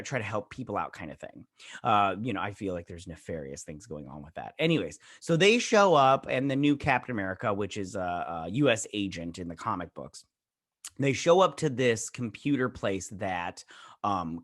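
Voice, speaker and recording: A man's voice: lowish voice, fairly bright tone, no echo, studio quality. A man giving a casual, rambling spoken review of a TV episode, full of fillers and loose retellings of scenes. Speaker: YouTube reviewer.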